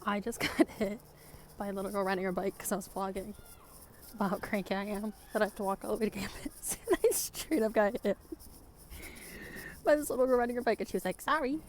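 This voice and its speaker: Young woman rambling into her phone, chatty, says like a lot, normal mid pitch. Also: fairly quick, pauses often, a little mellow, slight background noise. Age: young adult. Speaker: study-abroad student vlogger. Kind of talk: casual vlog chat.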